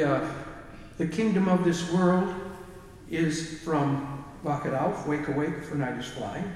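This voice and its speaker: In an echoey hall, captured from a distance, a man with a somewhat high, slightly mellow voice lectures informally on music. Fillers punctuate his hesitations, and he sings short phrases to demonstrate rhythms.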